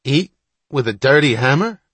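A man voicing a loud, fussy city man with a nasal Brooklyn drawl in an audiobook. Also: mid-range voice, normal speed, breathy edge, no echo, voice pushed up. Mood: loud, indignant.

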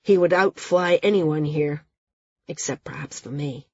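A woman voicing a cocky young man who teases calmly, in a storybook reading. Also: sits low, a little slow, husky, no echo, highs cut off, full character voice. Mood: teasing. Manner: teasing, calm.

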